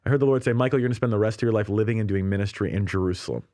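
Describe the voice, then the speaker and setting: A man from Canada, a ministry leader, telling his story as an interview guest in a lively, animated way, acting out quoted dialogue and laughing often. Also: on the low side, racing, no room sound, studio quality.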